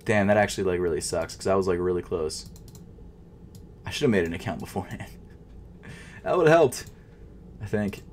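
A man's voice: low voice, animated, fairly quick, pauses often, a little hiss or hum. Frustrated young man muttering at a checkout. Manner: frustrated, muttering to himself, swings between loud outbursts and quiet mumbling; nervous, stuttering. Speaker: sneaker vlogger. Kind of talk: casual live commentary while shopping online.

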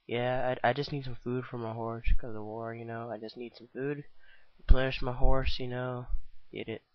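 A man's voice: mid-range voice, little pitch movement, moderate pace, lo-fi sound, natural voice. A man voicing a short-tempered cowboy ranger in a homemade stop-motion film, talking in an impatient, exasperated way. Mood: demanding.

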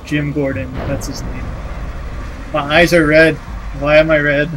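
Jumpy man in a slow let's play. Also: fairly high pitch, level tone, noisy background. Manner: jumpy, swearing, thinking aloud. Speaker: gamer playing a horror-tinged action game. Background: game music.

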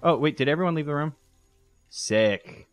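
A man's voice: a little high, moderate pace, no echo, soft background music. A man hosting a let's play, giving casual gameplay commentary that rambles, jokes and corrects itself as he goes. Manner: rambling, self-correcting, joking.

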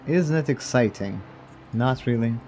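A man's voice: mid-range voice, animated, unhurried, darkish tone, a little hiss or hum. A man streaming a detective game, commenting casually in a wry, blunt way with casual swearing. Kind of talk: casual let's-play commentary.

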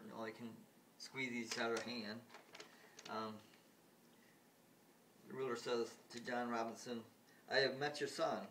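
A man recounts a TV episode in a rambling, halting way, full of fillers and restarts. He sounds a touch distant from his phone mic, with faint ambience around him. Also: medium pitch, a bit bright, a little hiss or hum. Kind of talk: casual retelling of a TV episode.

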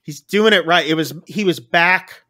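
A man casually recapping a film on a podcast, acting out the lines with big jumps in pitch. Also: moderate pace, sharp tone. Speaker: podcast co-host. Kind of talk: casual movie recap chat.

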